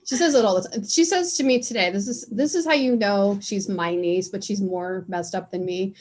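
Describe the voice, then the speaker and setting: A woman's voice: mid-range voice, moderate pace, darkish tone. A woman hosting a casual chat over a video call, talking loosely and joking, laughing often. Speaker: host.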